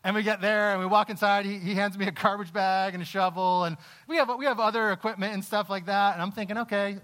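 Storytelling pastor with a highish voice. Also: male voice. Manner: animated storytelling, halting restarts, drops low and quiet when reflective. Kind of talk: sermon with personal story.

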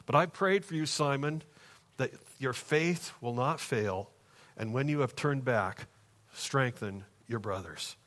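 A male pastor delivers a sermon, dropping into quiet, slowed passages and then climbing into raised, emphatic bursts. His voice sits in a middle register for a man. It is a live preaching style from a church. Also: medium pitch. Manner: dynamic preaching, swings from hushed to raised and emphatic.

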